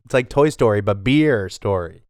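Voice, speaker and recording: A podcast co-host chats casually, teasing and laughing often. His fairly low, expressive voice has a darkish, clear, resonant tone at a moderate pace. The sound is clean studio quality with no room sound.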